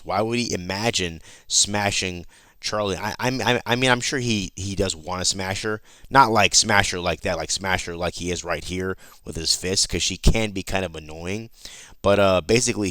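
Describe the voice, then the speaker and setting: A man with a low, deep voice walks through a comic issue in a loose, chatty way. He swears freely and trips over his own sentences. The recording is dry and close, with no room sound. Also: moderate pace, pushed and bright, no echo. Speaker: comic book YouTuber. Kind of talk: casual comic recap.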